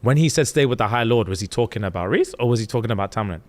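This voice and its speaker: A young man, casually retelling a book plot on a podcast with lively, animated delivery. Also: on the low side, racing. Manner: animated storyteller, jumps into loud acted quotes. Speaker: podcast co-host. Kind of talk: casual chat, retelling a book with acted voices.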